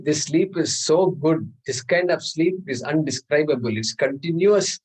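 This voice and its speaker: Male scripture teacher, slightly raised pitch, patient class lecture, repeats key terms. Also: measured pace, a little mellow, slightly rough, low-quality recording. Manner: explains patiently, repeats terms, chuckles often.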